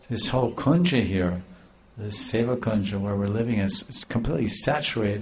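A man's voice: fairly low pitch, slight background noise, natural voice. A man voicing humble young disciples who apologize and describe a fragrance with wonder.

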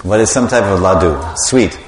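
A man's voice: deep voice, lively intonation, moderate pace. A man preaching a sermon, animatedly telling a devotional story and quizzing the audience. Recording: echoey hall with long reverb.

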